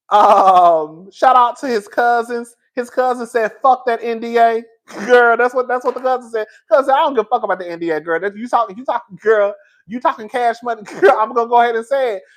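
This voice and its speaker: A man with a very high voice talks casually to his viewers as a pop culture commentator. His speech is slangy and animated, and he often laughs as he riffs.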